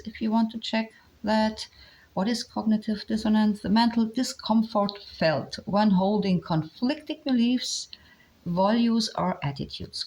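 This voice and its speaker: Slow, halting woman with a German accent. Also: mid-range voice, poor audio. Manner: halting, many fillers, explaining step by step. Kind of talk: explanatory talk on communication.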